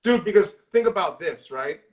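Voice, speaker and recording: A man co-hosting a casual horror movie chat, retelling scenes excitedly and swearing constantly. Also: sits high, moderate pace. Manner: excitable, profane, storytelling with lots of swearing. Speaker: horror movie discussion co-host. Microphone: live social video stream.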